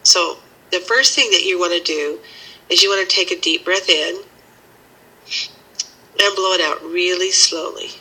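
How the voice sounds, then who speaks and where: A woman teaching a healing method and leading a slow, soothing guided meditation. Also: lowish voice, sharp tone, breathy edge, rough recording. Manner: slow, soothing guiding instructions.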